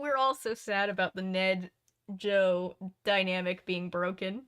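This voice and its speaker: A woman's voice: medium pitch, fairly even intonation, normal speed, fairly bright tone, smooth. A woman reading a mystery novel aloud and breaking off for chatty, laughing commentary and self-corrections. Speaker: reader and channel host.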